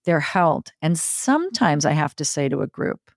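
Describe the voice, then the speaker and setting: Expressive middle-aged woman, low dry voice. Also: moderate pace, dry recording. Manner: expressive storytelling, lists in long rhythmic runs. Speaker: podcast guest, circle facilitator. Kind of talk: conversational interview.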